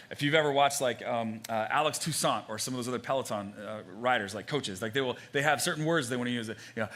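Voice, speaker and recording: A young adult man preaching a sermon as pastor, conversational and animated, with frequent fillers and restarts. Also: mid-range voice.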